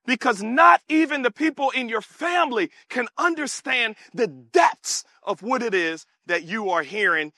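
A male preacher delivers a sermon with animated call-and-response and sudden shouts. His voice is very high and bright, and his pitch rises and falls with great energy. The sound is dry and close. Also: a little slow, few pauses, no room sound.

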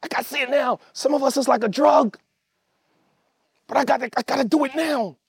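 High-voiced preacher man, emphatic and dry. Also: a little fast, creaky, slightly rough, dry recording. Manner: emphatic, calls out to congregation, shouts at peaks. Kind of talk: sermon. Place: church service with online audience.

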